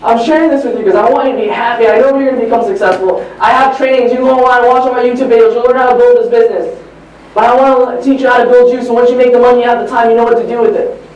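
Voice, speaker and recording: Guy doing a motivational talk, high voice, big echoey hall, mic far away. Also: very fast, lo-fi sound. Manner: animated storytelling, preachy. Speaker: motivational trainer. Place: large hall at a training event. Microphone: far from the recording mic.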